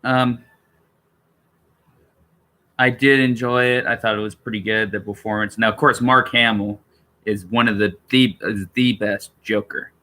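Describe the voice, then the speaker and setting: A man's voice: on the low side, fairly even intonation, measured pace, pauses often, sharp tone. Rambling man chatting on a live stream. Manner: rambling, many fillers and restarts. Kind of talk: casual live-stream talk.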